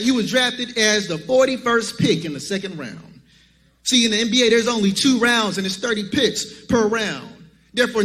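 A man delivers a sermon in a rhythmic cadence, calling out to the congregation. His voice sits very high and rings bright. A long reverb trails behind him. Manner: rhythmic preaching, calls out to the congregation. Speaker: preacher.

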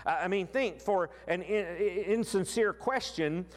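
A man preaching a sermon in an expressive way, slowing down to stress key words. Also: high voice, big-room sound. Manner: expressive, slows down for emphasis.

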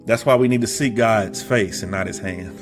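A man preaching a sermon, telling a story with humor and stammered restarts, then rising into emphatic shouts. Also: lowish voice, normal speed, music in the background. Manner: emphatic, repetitive, builds to shouting.

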